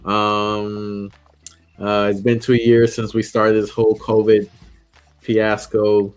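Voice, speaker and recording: Low-voiced man rambling on a podcast. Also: monotone, slow, clear, resonant tone. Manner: rambling, repeats himself. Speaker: podcast co-host. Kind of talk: casual chat.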